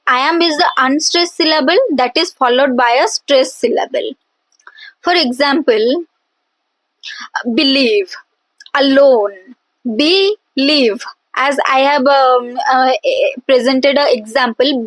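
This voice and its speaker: A high-pitched woman teaches a lesson at a slow, careful pace. She repeats example words and stretches them out, with frequent hesitant fillers. The recording is dry and close. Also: fairly bright tone, no echo, rough recording. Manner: drawn-out pronunciation of example words. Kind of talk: explanatory lesson.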